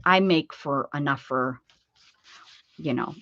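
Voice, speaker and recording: A woman's voice: low voice, slow pace, fairly bright tone, no echo. A middle-aged woman, chatting casually on a livestream and rambling with many self-corrections. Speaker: craft livestream host. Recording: dull, slightly lo-fi dry sound.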